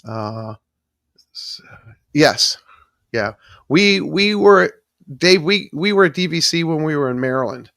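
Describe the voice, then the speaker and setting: A man's voice: fairly high pitch, lively intonation, slow pace, pauses often, a bit bright, dry recording, studio quality. A man hosting a live stream, chatting casually and rambling as he thanks viewers in the chat. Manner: rambling, restarts sentences often and thanks chat viewers by name. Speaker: livestream host.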